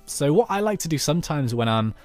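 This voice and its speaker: Faint music sits behind a fast, fairly high-pitched male voice. He's a British YouTube let's play host, animatedly chatting and drifting into rambling asides as he casually comments on the game.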